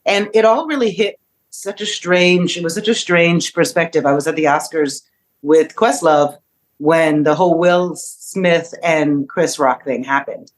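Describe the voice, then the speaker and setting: A woman's voice: deep voice, unhurried. A woman in her fifties, a podcast guest, talking in a reflective way and asking rhetorical questions. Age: 50s. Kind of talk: casual discussion.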